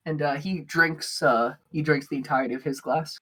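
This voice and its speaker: A woman narrating a tabletop game as game master, halting with many fillers. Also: low-pitched, fairly bright tone.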